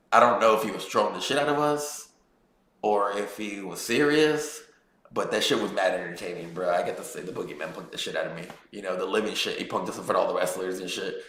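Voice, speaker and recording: A man's voice: on the low side, a bit bright, echoey room. A young man casually telling a rambling, profane story as a streamer, packed with fillers like "bro". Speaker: streamer recapping a wrestling event.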